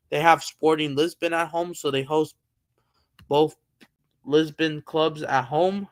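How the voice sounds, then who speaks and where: This man hosts a live stream, chatting casually about football and thinking aloud with lots of fillers and restarts. His voice sits a little high, bright and clear, with a resonant tone.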